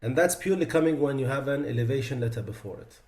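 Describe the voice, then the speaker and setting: A man teaching Quran recitation, explaining pronunciation mistakes and slowly demonstrating the right and wrong sounds. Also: medium pitch, animated, a little mellow. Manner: demonstrates pronunciations slowly and with emphasis, then explains in plain speech. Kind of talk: tajweed lesson. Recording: echoey room.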